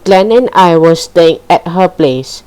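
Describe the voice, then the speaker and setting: Female storybook reader, low voice, slow and even delivery. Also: clean tone, low-quality recording. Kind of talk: reading a children's story aloud.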